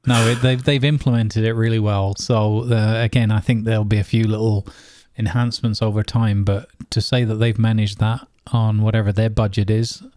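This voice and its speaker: A man's voice: fairly low pitch, level tone, normal speed, a little mellow, dry recording, studio quality. A man co-hosting a casual gaming podcast, rambling along with lots of fillers and restarts. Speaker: podcast co-host.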